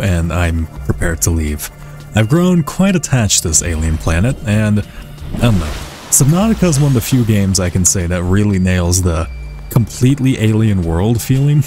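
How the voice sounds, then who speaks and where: A man's voice: fairly low pitch, very animated, moderate pace, dark tone, faint music behind. A man giving casual, chatty commentary over his own gameplay, swearing freely and talking to the creatures on screen, from a desk mic. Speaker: let's play gamer.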